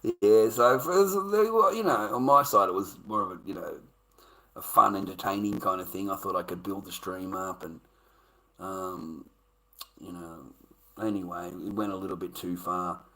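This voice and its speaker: A man's voice: low voice, a little slow, fairly bright tone, rough recording. An Australian man, a livestreamer, in casual rambling chat, swearing constantly and calling everyone mate.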